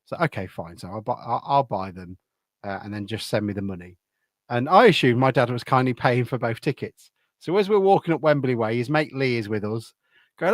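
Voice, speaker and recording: A man co-hosting a football podcast, telling stories in a lively way and acting out the dialogue. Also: mid-range voice, a little fast, no echo, clean studio sound. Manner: lively storyteller, acts out dialogue. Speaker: podcast co-host. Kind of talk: casual football chat.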